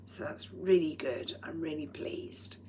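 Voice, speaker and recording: A woman vlogging at home with a throaty, strained voice, speaking in a slow, deliberate and slightly formal way and often dropping into breathy whispered asides. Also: deep voice, darkish tone. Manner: proper, slightly formal phrasing. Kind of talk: rambling personal vlog monologue. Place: at home while cooking. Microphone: speaking into a microphone.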